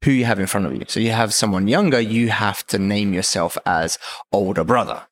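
A man's voice: lowish voice, a little fast, no echo. A man whose first language is Italian, chatting casually and explaining patiently in slightly broken English. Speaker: business owner. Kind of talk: casual chat.

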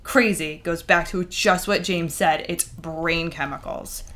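A woman co-hosting a casual podcast, chatty and animated, who acts out quoted voices as she talks. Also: on the low side, a little slow. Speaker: podcast co-host.

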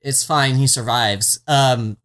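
Speaking slowly in a medium pitch with a fairly bright tone, the podcast co-host chats through a TV series recap. It's rambling and self-interrupting, sprinkled with "like," "um," sarcastic wryness, and now and then a swear word.

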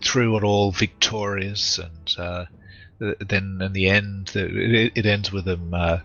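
A man playing a tabletop game, talking haltingly with many fillers. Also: deep voice, fairly even intonation, bright, forceful tone, faint music behind. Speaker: player. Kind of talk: casual tabletop play. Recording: dull lo-fi recording.

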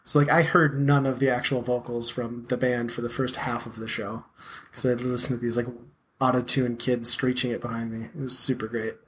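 A man's voice: medium pitch, little pitch movement, a little fast, a bit bright, a little hiss or hum. A man in his thirties hosting a casual podcast chat, rambling and self-deprecating with plenty of filler words. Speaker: podcast host.

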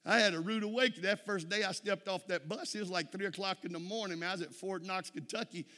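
Man, preaching a sermon, folksy storyteller, forceful tone, long church reverb. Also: high-pitched, fairly even intonation, fast. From Texas. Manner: folksy storytelling, frequent "amen?" calls to the congregation. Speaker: pastor.

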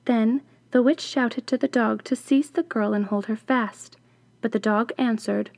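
Woman reading a fairy tale real slow, higher voice, dry close sound. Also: creaky, no room sound. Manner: slow, deliberate, expressive storytelling. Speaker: storyteller.

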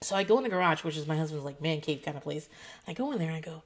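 A woman in her thirties telling a story in a casual vlog, animated and profane, acting out what others said. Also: deep voice, quick pace. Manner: animated, swearing, quotes others in voices. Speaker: foster parent telling a story.

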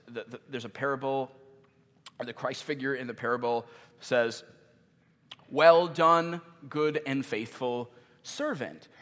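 A man preaching a sermon as pastor, earnest and emphatic, slowing down for key questions and hitting some words hard. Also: medium pitch. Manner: earnest, emphatic, with sudden loud stresses and slowed key questions. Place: church meeting in a gym. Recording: long reverb of a large gym.

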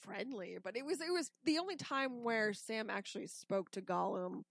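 A woman co-hosting a casual podcast, cutting in with quick teasing remarks and stammered restarts. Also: a little high, creaky, slight background noise. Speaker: podcast co-host.

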